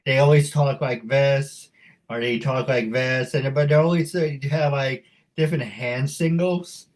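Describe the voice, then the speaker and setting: A man's voice: mid-range voice, fairly even intonation, unhurried. A man hosting a casual interview, chatty and joking in a loose way. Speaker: interview host.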